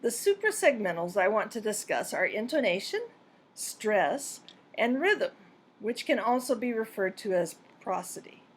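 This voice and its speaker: Woman, lesson narrator, measured and precise, mid-pitched voice. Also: very animated. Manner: clear, deliberate, measured delivery. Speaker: pronunciation teacher. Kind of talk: scripted instructional narration.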